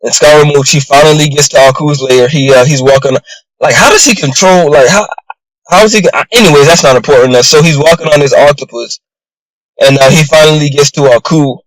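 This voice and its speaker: Man reviewer, slightly higher voice, loose and rambling show recap, dry close sound. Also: fairly quick, no echo, poor audio. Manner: rambling, heavy on fillers like "you know" and "bro". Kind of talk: casual episode recap.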